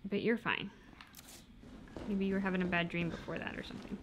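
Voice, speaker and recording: A woman hosting a casual game livestream, chatting and reading chat aloud in an animated way, often cooing soothingly. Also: lowish voice, fairly quick, background noise. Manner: animated, soothing and coos to her dog, reads chat aloud. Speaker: let's play streamer.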